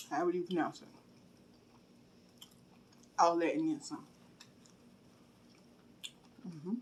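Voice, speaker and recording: A woman hosting a mukbang video, chatting casually and straight to her viewers between bites, pausing to chew and hum approvingly. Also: lowish voice, steady tone. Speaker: mukbang host. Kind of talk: casual chat while eating on camera.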